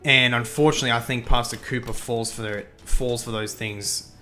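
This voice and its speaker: A man's voice: mid-range voice, fairly even intonation, normal speed, pushed and bright, soft background music. A young man hosting a livestream who chats casually while gaming, thinking aloud, repeating himself and reacting to the game and chat. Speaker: livestream host.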